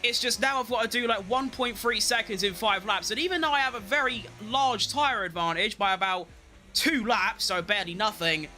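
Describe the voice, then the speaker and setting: Excitable high-voiced man gaming. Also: normal speed. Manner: excitable, talks to himself, shouts and chants while driving. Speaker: gaming streamer. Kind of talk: live racing game commentary.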